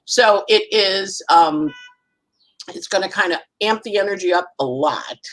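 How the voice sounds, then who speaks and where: A woman's voice: medium pitch, unhurried, low-quality recording. A middle-aged woman astrologer chatting casually on a podcast, telling stories with lots of acted-out quotes and frequent laughs. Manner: animated storytelling, acts out quoted voices, laughs often. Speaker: astrologer guest.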